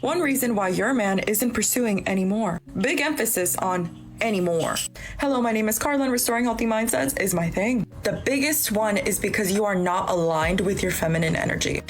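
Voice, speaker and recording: A woman's voice: mid-range voice, expressive, normal speed, faint music behind. A woman speaking as a dating coach, giving confident, instructive advice. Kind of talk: advice monologue.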